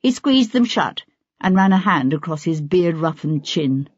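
An audiobook narrator reading a novel in measured, even scripted narration. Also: medium pitch, breathy edge, no room sound. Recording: dull lo-fi audiobook recording.

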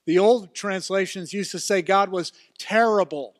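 Emphatic older preacher. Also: male voice, high-pitched, unhurried, dry recording, studio quality. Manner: emphatic preaching, rising to loud exclamations. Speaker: pastor. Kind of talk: sermon. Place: church.

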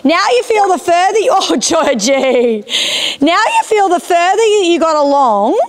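A woman's voice: extremely high pitch, lively intonation, moderate pace. A woman instructing a rider in a riding arena, encouraging and often checking that she understands. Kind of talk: live coaching of a rider.

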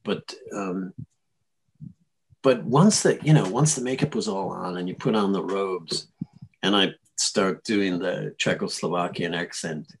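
A male actor telling stories in a casual interview, animated and chuckling, often restarting his sentences. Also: low-pitched, a little slow, vocal fry, a little hiss or hum. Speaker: actor guest.

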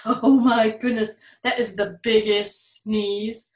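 A woman reading a picture book aloud to children at storytime, playful and animated, laughing often. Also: fairly high pitch, takes it slowly, roomy sound, rough recording. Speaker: children's museum storytime reader.

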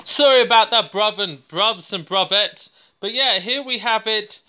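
A man's voice: high voice, a little slow, sharp tone, dull audio. A man with a British accent giving a casual, unscripted product review, rambling and joking at his own expense. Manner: rambling, jokey and self-mocking.

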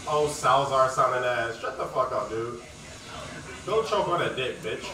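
A man's voice: mid-range voice, expressive, normal speed, noisy background. A man live-streaming a game, mocking another player with crude, profane trash talk. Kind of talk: casual live-stream commentary. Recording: roomy echo, distant mic, faint music.

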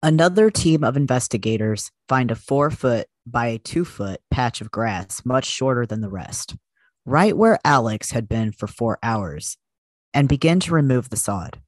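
A man's voice: mid-range voice, lively intonation, measured pace, dry recording. Man co-host narrating true crime, dry sound. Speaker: podcast co-host. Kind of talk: casual true-crime storytelling.

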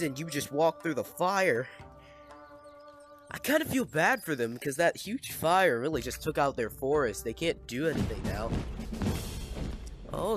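A young man giving casual, playful gameplay commentary, exclaiming at and scolding the little villagers in his game. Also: a little high.

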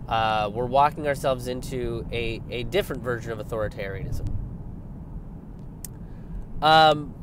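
A young man giving a casual political rant, animated and sarcastic, swearing often and mocking his opponents. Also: medium pitch, measured pace, pauses often, noisy background. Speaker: political commentator. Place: outdoors by a road with passing traffic.

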